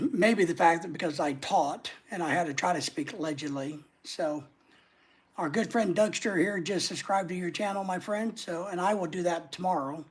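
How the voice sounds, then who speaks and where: A man's voice: high voice, breathy edge. A man with a neutral American accent hosts a casual livestream, rambling as he reads viewer comments aloud and answers them. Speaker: livestream host.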